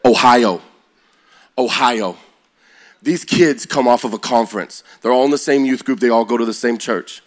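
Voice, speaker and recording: A man preaching to young people, telling stories with rising energy and shifting to a slow, quiet prayer. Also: medium pitch. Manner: energetic, builds to loud excited peaks; slow and quiet when praying. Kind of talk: sermon storytelling.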